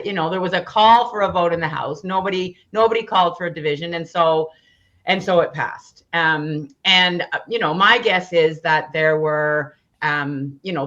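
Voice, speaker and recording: A woman's voice: on the low side, a bit bright, lo-fi sound. A woman on a political panel, patiently explaining parliamentary procedure.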